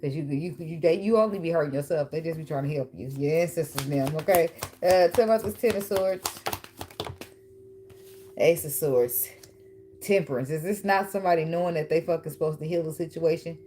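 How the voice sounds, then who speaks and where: Woman, low pitched, tarot reader, blunt, profane, teasing, faint background hiss. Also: fairly quick, dark tone. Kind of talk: casual tarot reading.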